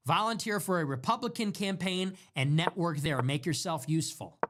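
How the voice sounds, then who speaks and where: A man's voice: fairly high pitch, normal speed, noisy background. A man delivering an impassioned monologue to his viewers, hammering home repeated, emphatic commands. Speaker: online political commentator.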